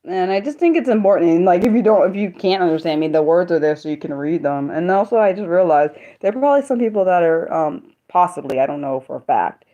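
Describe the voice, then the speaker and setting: A young woman chatting casually on her own livestream, talking fast and rambling, breaking off and restarting her sentences. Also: fairly low pitch, lively intonation, dark tone. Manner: fast, rambling, self-interrupting talk. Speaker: livestream host sharing poetry. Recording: dull lo-fi sound.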